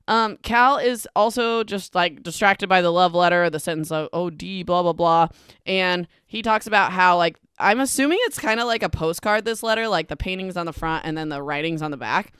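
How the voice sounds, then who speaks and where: A woman's voice: lowish voice, fairly bright tone, clear, resonant tone, no echo, clean studio sound. A young woman hosting a book podcast, chatting casually through a chapter recap with lots of fillers and wry asides.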